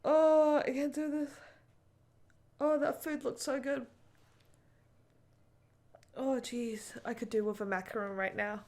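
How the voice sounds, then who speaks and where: A woman's voice: high voice, fairly even intonation, slow pace, pauses often, darkish tone. A young woman reacting live to an anime, emotional and casual, swearing often and saying "like" a lot. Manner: emotional, swearing, frequent "like" fillers.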